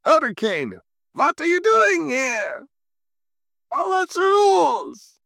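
A man's voice: extremely high pitch, wildly swooping pitch, slow pace, gravelly, pushed and bright, no room sound, clean studio sound, voice pushed up, heavily acted. A man putting on the voice of a strict German officer who barks rules in a clipped, commanding way. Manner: clipped, stern, mock commanding.

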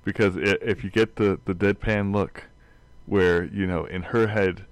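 A man co-hosting a casual chat, dry and deadpan, arguing his points one by one. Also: low voice, measured pace, dry recording. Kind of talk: casual banter.

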